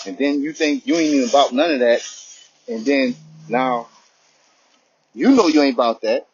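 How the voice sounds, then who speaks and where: A man's voice: mid-range voice, normal speed, long pauses, darkish tone, highs cut off, slight background noise. A man giving an informal spoken religious lesson, talking conversationally and often asking "you know what I'm saying".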